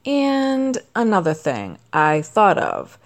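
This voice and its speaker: A woman's voice: mid-range voice, wildly swooping pitch, slow pace. A middle-aged woman talking to camera in a casual, rambling monologue, chatty and self-deprecating with wandering asides. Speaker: vlogger.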